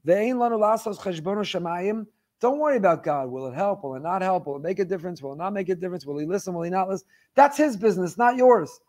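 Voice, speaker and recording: A man with a notably high voice delivers a weekly faith lecture. He speaks with fervor and hammers his points home by repeating phrases and firing off rhetorical questions. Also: fast talker, a little mellow. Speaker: Torah teacher.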